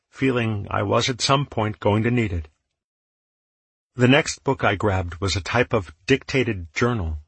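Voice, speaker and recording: Low, husky male audiobook narrator. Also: a bit bright, no echo. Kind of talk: first-person story narration.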